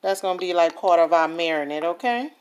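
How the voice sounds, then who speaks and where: A woman's voice: fairly low pitch, a little fast, clear, resonant tone. A woman chatting through a home cooking vlog in her kitchen, often checking in with viewers. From New Orleans, USA. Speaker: home cook.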